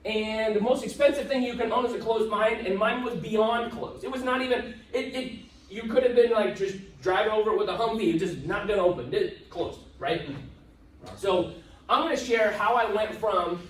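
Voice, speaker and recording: A man's voice: high-pitched, normal speed, a little hiss or hum. A man giving a live motivational talk to an audience in a conference room, telling stories in a joking, self-deprecating way. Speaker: motivational speaker. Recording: echoey room, voice from far off.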